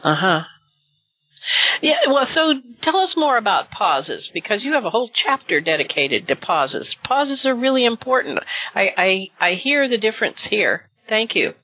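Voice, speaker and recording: Bright, dry-sounding woman host. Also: medium pitch, sing-song, moderate pace, no echo, rough recording. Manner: chatty, tells personal stories, asks follow-up questions. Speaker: interview host. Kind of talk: interview conversation.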